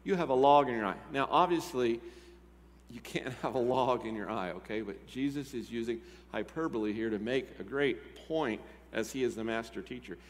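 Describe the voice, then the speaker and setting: A man's voice: mid-range voice, normal speed. Man, pastor, sermon, conversational, questions to the congregation, long reverb of a church hall. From Texas. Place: church sanctuary.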